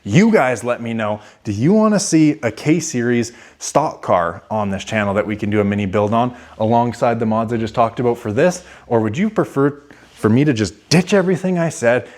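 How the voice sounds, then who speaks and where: A man's voice: medium pitch, animated, normal speed, darkish tone. A brash young man hosting a car vlog, talking casually with slang and swearing, sometimes mocking commenters in a raised whiny voice. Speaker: car channel host. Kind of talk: casual garage vlog talk.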